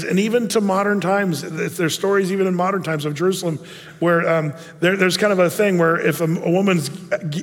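A male pastor preaching a sermon, telling stories in an animated way with many restarts. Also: sits high, long reverb tail.

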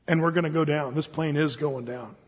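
A man preacher voicing a worried male airline captain, speaking low, hushed and urgent. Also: brisk, breathy edge, big-room sound, dull audio. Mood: grave.

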